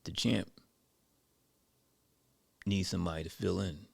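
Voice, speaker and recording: A man voicing a serious boxing manager, speaking low and measured. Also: fairly even intonation, creaky, a little mellow, no room sound, exaggerated voice.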